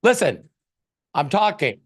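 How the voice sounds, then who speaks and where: A man's voice: high-pitched, sing-song, slow pace, husky, voice pushed up, exaggerated voice. A man doing an impression of a stern, impatient older female TV judge who scolds in clipped demands. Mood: scolding.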